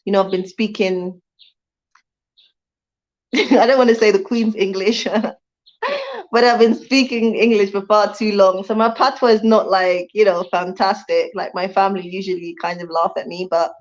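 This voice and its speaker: Brief: chatty Jamaican-born woman hosting a livestream, mid pitch, slightly muffled audio. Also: expressive, normal speed. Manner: chatty, laughs often, thanks viewers warmly. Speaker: livestream host. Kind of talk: casual livestream chat reading viewer comments. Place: home in Rwanda.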